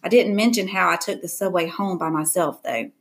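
A woman narrating a first-person audiobook with an expressive, lively reading. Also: lowish voice, brisk.

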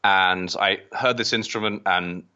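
An English man in his thirties with a low voice and a bright, forceful edge to it. He answers interview questions in a friendly, easygoing way and pauses briefly now and then. The sound is dull and lo-fi. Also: fairly even intonation. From England. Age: 30s. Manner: friendly, easygoing, with small hesitations. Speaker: guest musician. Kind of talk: podcast interview.

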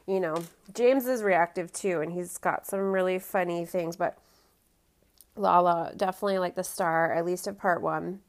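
A woman's voice: on the low side, steady tone, normal speed. A woman recapping a reality TV reunion in casual chat, opinionated and full of fillers. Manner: chatty, opinionated, many fillers like "um" and "you know".

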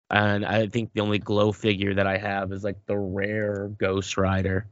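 A man's voice: fairly low pitch, flat delivery, moderate pace, few pauses, no room sound, muffled recording. A man co-hosting a podcast, chatting loosely with profane, teasing banter. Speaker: podcast co-host. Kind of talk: casual chat.

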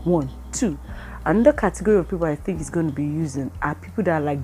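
With a faint hiss or hum behind her, a Christian woman with a Nigerian accent talks fast in a low-sitting voice. Her devotional is casual and lively, featuring acted-out dialogue and sprinkled pidgin phrases.

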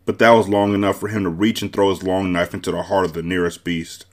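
For his book club podcast, a man with a deep voice reads from a novel, keeping the storytelling calm and even.

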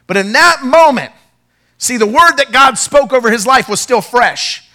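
A man preaching a sermon as pastor, animated and acting out the people in his story. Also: moderate pace. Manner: animated, acts out quoted voices; drops to a quiet, low storytelling tone.

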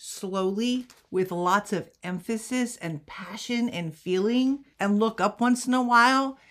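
A chatty woman talks straight to her viewers, handing out practical tips in a relaxed vlog. Her pitch sits in an ordinary middle range. She pokes fun at herself as she goes. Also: a little slow. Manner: chatty, self-deprecating humor. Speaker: author and teacher. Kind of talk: casual advice vlog.

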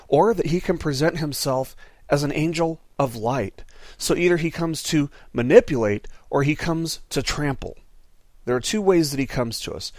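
An earnest male preacher delivering a sermon, building his points through repeated phrases. His voice sits in a middle pitch and sounds dry and close, with no room around it. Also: no room sound. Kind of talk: sermon with prayer.

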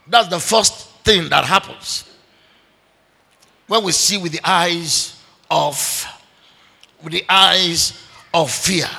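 A man's voice: high voice, gravelly, sharp tone. A man, a pastor preaching a sermon with animation and acting out the dialogue of a story. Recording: echoey hall with long reverb.

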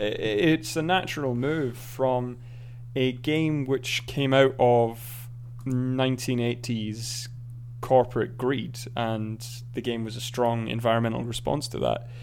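A man's voice: medium pitch, a little mellow, slight background noise. A man co-hosting a casual podcast, rambling drily and correcting himself as he goes. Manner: dry, rambling, self-correcting. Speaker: podcast co-host. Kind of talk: casual chat.

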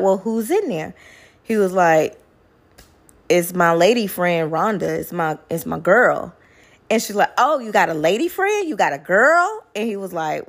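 A young woman telling a personal story in casual chat, lively and swearing freely. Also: medium pitch. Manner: animated, addresses listeners as y'all, swears freely.

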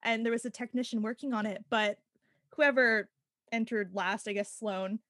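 A woman's voice: fairly high pitch, steady tone, moderate pace, fairly bright tone, dry recording, studio quality. A woman in a musical theatre cast sharing a funny backstage memory, giggly and enthusiastic. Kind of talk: casual backstage chat.

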